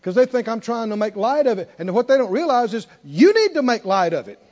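In this muffled sermon recording, a high-pitched male preacher moves briskly with big pitch swings, sinking into near-whispered storytelling before rising again to loud, emphatic exhortation. He leads call-and-response, having the congregation repeat his lines back to him.

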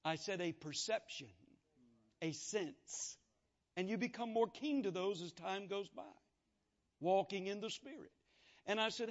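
A man's voice: sits high, normal speed. A man preaching a sermon, telling folksy testimony stories and acting out the dialogue. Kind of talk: sermon storytelling. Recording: dull lo-fi sound.

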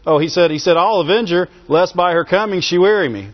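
A man's voice: high voice, brisk. A man preaching a sermon, repeating phrases for emphasis, chuckling between points and asking his listeners for an "Amen". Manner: asks the congregation for call-and-response "Amen?". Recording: dull lo-fi sermon recording.

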